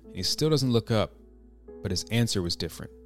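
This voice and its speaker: A man telling a personal story in a reflective, halting way, with many restarts. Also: fairly low pitch, expressive, faint music behind.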